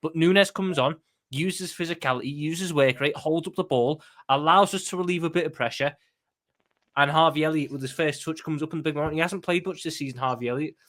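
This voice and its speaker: A man's voice: a little high, fairly quick, fairly bright tone. A man giving an emphatic post-match reaction as a football fan pundit, often stumbling and restarting his sentences.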